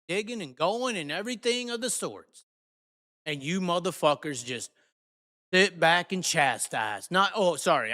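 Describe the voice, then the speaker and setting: A man hosting a live show, ranting angrily and cursing, swinging between shouts and mutters. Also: on the high side, in a large hall. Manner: heated, profane, shifts from shouting to muttering. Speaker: host. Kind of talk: angry live rant.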